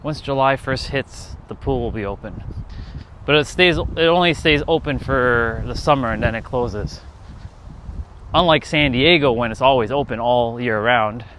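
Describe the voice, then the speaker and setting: A man's voice: medium pitch, moderate pace, a bit bright, a little hiss or hum. A man chatting casually on a live stream outdoors, rambling with lots of fillers and laughing at himself. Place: outdoors near a park.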